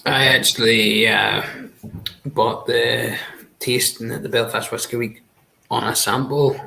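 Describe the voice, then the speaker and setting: Guest man, gravelly and bright, matter-of-fact, video call with faint hiss. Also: medium pitch, fairly even intonation, a little slow, low-quality recording. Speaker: whisky tasting guest. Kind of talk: casual video-call chat.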